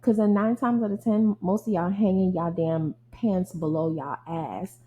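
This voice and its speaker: A young woman podcaster with a lowish, slightly slow voice delivers a casual rant, swearing a lot, venting bluntly and with animation, and speaking to listeners as y'all. The sound is narrow and tinny, with a bit of background noise.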